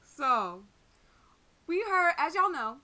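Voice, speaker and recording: A young woman co-hosting a casual podcast, telling stories in an animated, laughing, profane way. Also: high voice, takes it slowly. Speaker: podcast co-host.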